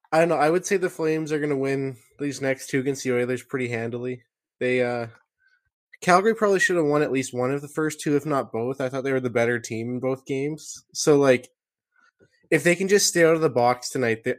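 A man's voice: mid-range voice, dry recording. Confident casual male co-host. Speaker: podcast co-host. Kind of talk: casual hockey podcast chat.

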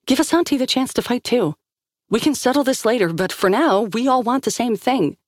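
A woman's voice: a little high, animated, brisk, no room sound, studio quality, voice pushed up. Blunt determined woman agent, urgent , read by a woman narrator.

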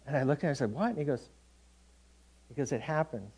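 A man's voice: medium pitch, expressive, fast, gravelly, darkish tone, husky. A middle-aged man preaching a sermon in a conversational, storytelling way, acting out quotes from everyday people.

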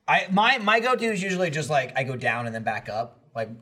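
Man, casual podcast chat, laughs a lot, swears, lively pitch swings. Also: a little fast. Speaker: podcast regular. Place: office studio.

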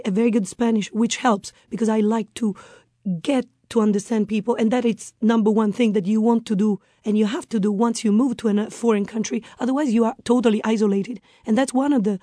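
Warm Italian-accented woman, higher voice. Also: dry recording, studio quality. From Italy. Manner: earnest, searching for words in English. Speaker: interview guest. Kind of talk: casual interview talk.

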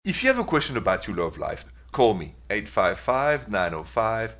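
A man's voice: lowish voice, sing-song, normal speed, fairly bright tone. A man hosting a call-in radio advice show in a chatty, encouraging way.

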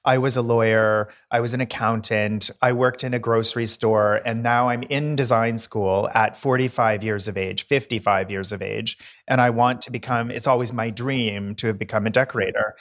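A man co-hosting a casual podcast with a friend. He talks at a middling pitch and tells anecdotes with relish, now and then mimicking voices for a laugh. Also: steady tone, moderate pace, hardly any pauses, fairly bright tone. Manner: chatty, playful, mimics voices for effect. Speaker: podcast co-host, decorator. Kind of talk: casual chat, storytelling.

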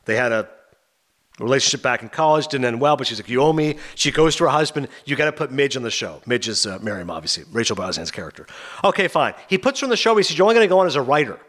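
A man hosting a podcast, rapidly and animatedly retelling a TV finale in a casual chat. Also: medium pitch, very animated, fairly bright tone. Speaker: podcast host. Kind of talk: casual TV recap.

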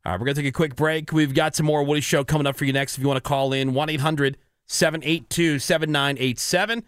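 A man's voice: on the high side, steady tone, quick pace, fairly bright tone, clear, resonant tone, no echo, clean studio sound. A man hosting a radio morning show, blunt and joking in laid-back banter with his co-hosts. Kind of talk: casual on-air banter.

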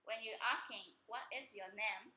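A woman's voice: on the high side, normal speed, bright, forceful tone, roomy sound, rough recording. A young woman from China with a Chinese accent, patiently explaining and repeating phrases for learners. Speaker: guest teaching Chinese. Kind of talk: casual explaining.

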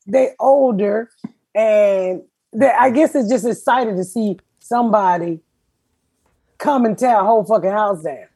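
A middle-aged woman, hosting a podcast and telling profane, animated stories in casual chat. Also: medium pitch, a little slow, slightly rough, no echo. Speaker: podcast host.

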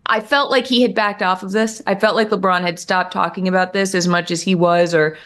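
Young woman cohost on a sports show, blunt and quick to react, lively. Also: mid-range voice. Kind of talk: casual sports talk banter.

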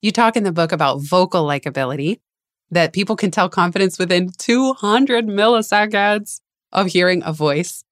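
A woman's voice: on the low side, expressive, moderate pace, no room sound. Enthusiastic woman host, dry sound. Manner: enthusiastic, effusive. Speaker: podcast host. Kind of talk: casual podcast interview.

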